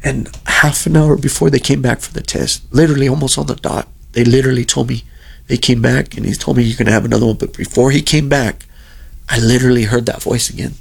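A man's voice: mid-range voice, fairly even intonation, quick pace, vocal fry, slightly rough. A middle-aged man telling a long personal story in an earnest, rambling way, often repeating himself. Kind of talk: casual storytelling.

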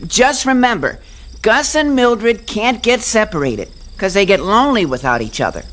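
Dragonfly, a woman playing a calm snake-loving boy. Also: mid-range voice, normal speed, a little hiss or hum, natural voice. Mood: matter-of-fact. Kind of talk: radio drama acting.

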